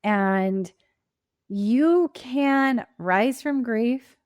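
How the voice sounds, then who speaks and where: A woman's voice: on the high side, very slow, a little mellow, clear, resonant tone, no echo. Impassioned woman grief coach, dry sound. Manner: impassioned, emphatic, reflective. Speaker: grief coach and podcast guest. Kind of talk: earnest interview answers.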